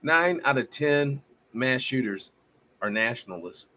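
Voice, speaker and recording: A man hosting a live stream, giving a fiery, profane, preacher-like monologue that swings between loud outbursts and low muttering. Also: animated, a little slow.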